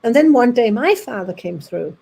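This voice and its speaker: A woman's voice: a little high, gravelly, slightly rough, low-quality recording. A woman from Denmark with a Danish accent, telling anecdotes to an audience and acting out the voices in them. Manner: lively, acts out voices in her anecdotes, with halting restarts. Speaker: speaker at an audience evening.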